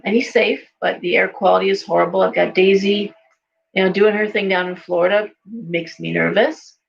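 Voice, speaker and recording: A woman's voice: medium pitch, gravelly, muffled recording. A woman in her forties talking casually, a chatty storyteller who acts out the voices she quotes. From California. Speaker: psychic shop owner and host. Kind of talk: casual talk to camera.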